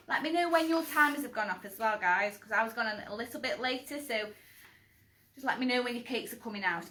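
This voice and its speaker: Bright, chatty woman in an echoey room. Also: on the high side, a little hiss or hum. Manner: chatty, encouraging, self-deprecating, calls out children by name. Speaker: children's cooking class host. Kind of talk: live-streamed kids' craft and cooking session. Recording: echoey room on a live stream.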